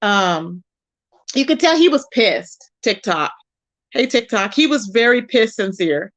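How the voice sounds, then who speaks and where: High-voiced, animated woman livestreamer. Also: unhurried. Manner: animated, greets viewers by name and calls them baby; exclaims in disbelief, repeats phrases for emphasis. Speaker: livestream host. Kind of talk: casual livestream commentary, reading chat.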